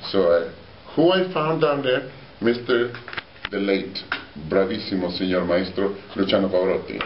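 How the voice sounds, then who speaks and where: Deep-voiced man telling stories in a hall. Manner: animated storyteller, halting with many fillers. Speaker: opera singer, guest. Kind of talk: storytelling interview. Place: meeting hall. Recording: roomy, distant, dull with faint hiss.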